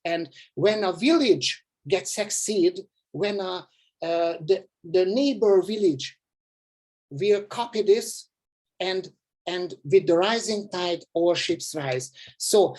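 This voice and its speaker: A woman with a non-native English accent giving a slide presentation at a summit, halting often with fillers and restarts. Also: fairly low pitch, warm tone. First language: not English. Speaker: summit speaker.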